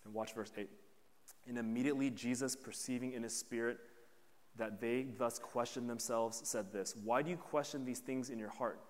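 A man preaching a sermon at a middle pitch, talking to his listeners as if in conversation and often checking in with "right?". He acts out the voices of people in the story. His voice trails off into a long reverb, as in a large hall. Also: steady tone, normal speed.

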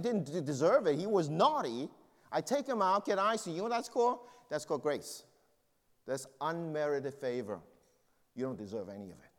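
Brief: male pastor, sermon voice, lively up-and-down delivery, slightly high, hall reverb. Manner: conversational preaching with personal stories.

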